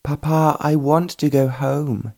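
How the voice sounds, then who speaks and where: Guy doing a fed-up young woman in a storybook, higher voice, soft mellow tone. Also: slow, creaky, exaggerated voice. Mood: pleading. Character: spirited young woman, indignant and scornful.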